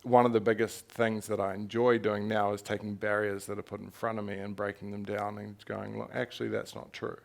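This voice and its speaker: A young New Zealand author speaks candidly on stage at a festival talk, telling his story frankly and animatedly with laughter and the odd swear word. His voice is lowish and monotone with vocal fry, and he talks briskly with hardly any pauses.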